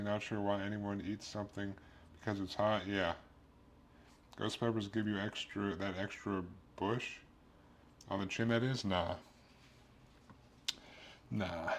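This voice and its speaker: A man's voice: on the low side, a little hiss or hum. A young man streaming as he cooks in his kitchen, rambling through crude jokes and a long story as he works. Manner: rambling, crude jokes, talks while cooking. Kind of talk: casual cooking stream chat.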